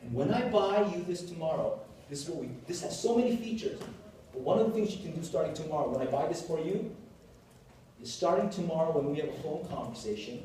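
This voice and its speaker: Animated male professor in an echoey hall. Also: on the high side, fairly quick, recorded from a distance, a little hiss or hum. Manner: animated storytelling, jokey asides. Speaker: university professor. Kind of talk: classroom lecture. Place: lecture hall. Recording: echoey hall, picked up from afar.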